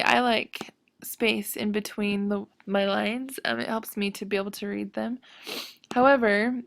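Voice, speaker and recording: A woman's voice: mid-range voice, creaky, no echo. A woman teaching a screen-recorded web design tutorial, hesitant and full of ums as she thinks aloud while clicking.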